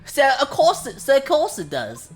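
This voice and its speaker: A woman voicing a brash young street girl with a put-on Cockney accent, loud and indignant. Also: sits high, wildly swooping pitch, normal speed, soft background music. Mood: defiant.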